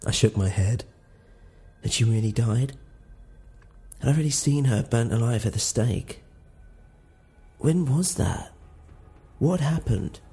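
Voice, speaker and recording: A man narrating a first-person audio drama in a hushed, uneasy tone. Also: mid-range voice, expressive, takes it slowly, pauses often, breathy edge, faint music behind.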